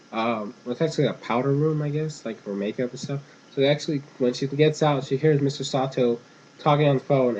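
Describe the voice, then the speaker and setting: A man's voice: mid-range voice, a little hiss or hum. A young man giving a casual, meandering spoken recap of a cartoon episode as a reviewer. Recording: dull lo-fi home recording.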